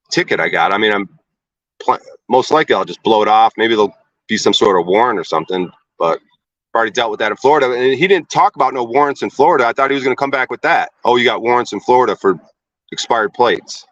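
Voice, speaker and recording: A young man vents angrily on a livestream, swearing and climbing in pitch as he rants. He is in a car, and the sound is dry with no room echo and slightly dull, as if through a modest mic. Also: fairly bright tone. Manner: profane and agitated, rants with rising pitch. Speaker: livestream host. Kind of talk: heated casual livestream chat.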